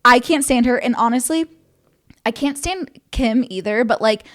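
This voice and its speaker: High-voiced chatty young woman. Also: normal speed. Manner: animated, acts out quotes, swears freely. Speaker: podcast co-host. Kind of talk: casual chat recapping reality TV.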